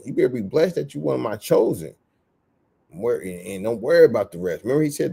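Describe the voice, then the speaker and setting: A man teaches scripture in loose, slang-heavy street talk and acts out the voices of the people in the story. His voice is dark and gravelly with a husky edge. His pitch swings widely as he talks. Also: lively intonation, a little fast. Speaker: street preacher.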